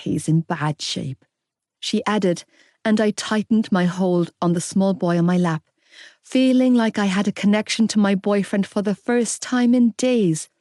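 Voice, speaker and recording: Woman audiobook narrator, intimate first-person romance read, mellow, dry booth sound. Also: mid-range voice, moderate pace, dry recording.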